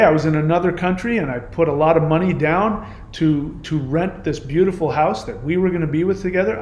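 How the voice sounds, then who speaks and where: A man talks straight to camera in a heated monologue, hammering his points with repetition and indignation. His voice sits a little higher than most men's. The room around him leaves a clear echo. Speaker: YouTube channel host. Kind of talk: impassioned reaction monologue. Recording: roomy echo.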